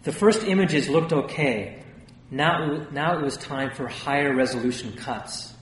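An audiobook narrator with a medium-pitched voice reads a first-person memoir a little slowly, in a tense storytelling manner. The recording sounds roomy and distant, with faint hiss.

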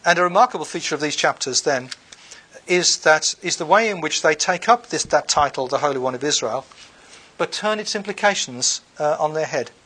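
Male lecturer, slightly high voice, reads verses then explains them casually, lots of fillers. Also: expressive, a little fast, bright, forceful tone, breathy edge. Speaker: bible lecturer. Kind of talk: unscripted lecture with scripture readings.

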